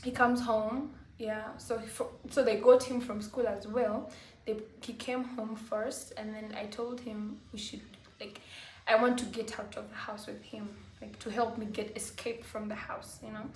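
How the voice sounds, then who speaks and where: A woman vlogger telling a personal story to camera, halting and full of fillers like "like" and "you know". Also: on the high side, flat delivery, darkish tone. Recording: roomy echo, faint background hiss.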